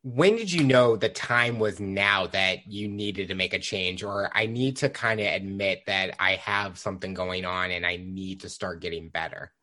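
A man asking gentle, probing interview questions. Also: low-pitched, normal speed, hardly any pauses.

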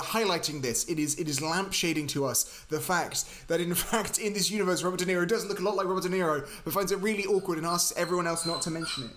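A man's voice: on the high side, a bit bright. A man co-hosting a podcast, chatting about a film with wry, pedantic corrections. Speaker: podcast co-host. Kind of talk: casual film discussion.

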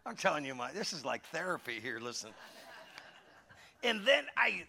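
A middle-aged man preaching a conversational sermon with humorous stories, animated, moving from loud calls to hushed asides. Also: fairly high pitch, normal speed, vocal fry. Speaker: pastor.

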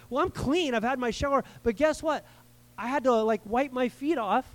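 A man preaching a sermon to a live congregation in a conversational way, repeating words for emphasis and checking in with his listeners. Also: high voice. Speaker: pastor. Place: church service before a live congregation.

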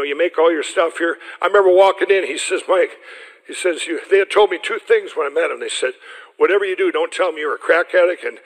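A man's voice: a little high, a bit bright. A middle-aged man telling a personal testimony to a group of pastors, rambling and restarting, often breaking into laughter. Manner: rambling, self-interrupting storyteller who laughs often. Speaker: speaker addressing a group of pastors. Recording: radio broadcast with long hall reverb.

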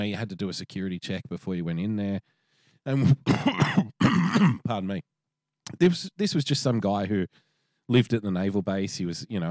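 A man's voice: lowish voice, no room sound, clean studio sound. A man with an Australian accent, co-hosting a podcast, swearing freely while telling a story in casual chat. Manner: swears a lot, animated storytelling. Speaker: podcast co-host.

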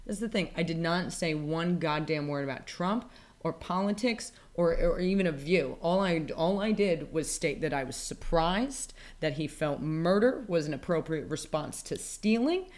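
A woman's voice: deep voice, expressive, moderate pace, a little mellow. Profane, ranting woman. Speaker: podcast co-host. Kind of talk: casual chat.

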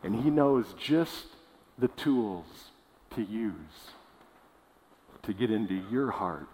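A man preaching a sermon as pastor, earnest and emphatic, slowing down to stress key words and sometimes restarting a phrase. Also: fairly low pitch, animated, dark tone, slight background noise. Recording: long reverb of a large hall.

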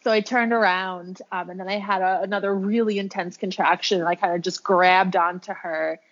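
A woman's voice: lowish voice, fairly even intonation, moderate pace, a bit bright. A woman telling a personal story in a casual, chatty way, full of "like" and "um". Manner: chatty, heavy use of "like" and "um". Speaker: podcast guest sharing her birth story; birth worker with clients. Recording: dull lo-fi recording.

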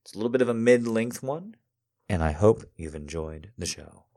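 A man reading a romantic story aloud to an audience in a calm, measured way with soft pauses. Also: on the low side.

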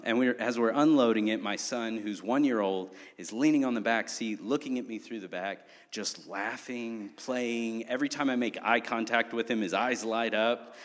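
A young man telling a humorous, animated story in a sermon. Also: mid-range voice. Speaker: preacher. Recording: long hall reverb.

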